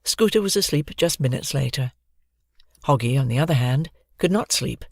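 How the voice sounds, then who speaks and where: An audiobook narrator reading a children's adventure novel in a lively, expressive manner, close to the microphone. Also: medium pitch, no room sound.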